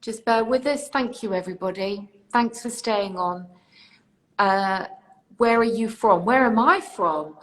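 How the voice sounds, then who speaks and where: A woman's voice: medium pitch, measured pace, fairly bright tone. A British woman from near London hosting a live online interview, reassuring and chatty, thanking viewers by name. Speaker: host.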